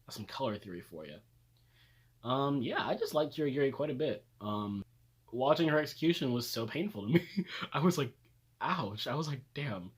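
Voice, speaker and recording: A young man with a brisk, husky voice rants comedically and casually about his favorite characters, reviewing them as a video creator. He's animated, swears, laughs, and talks dramatically, his pitch jumping up for effect.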